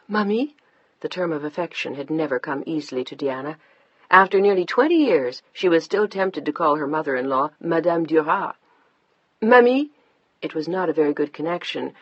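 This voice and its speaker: Husky, muffled audiobook narrator. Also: mid-range voice, dry recording. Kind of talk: scripted narration.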